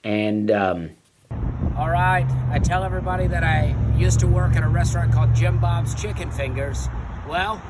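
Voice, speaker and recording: A man's voice: fairly high pitch, animated, normal speed, very noisy. A man, a comedian telling a meandering story, full of fillers and lost trains of thought. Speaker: stand-up comedian. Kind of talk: rambling comic storytelling.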